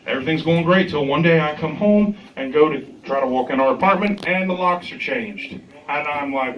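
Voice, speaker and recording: A man doing stand-up comedy, telling a story in a deadpan way and acting out the other man's lines in an agitated voice. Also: fairly high pitch, moderate pace, dull audio, a little hiss or hum. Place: comedy club stage. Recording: echoey club recorded from a distance.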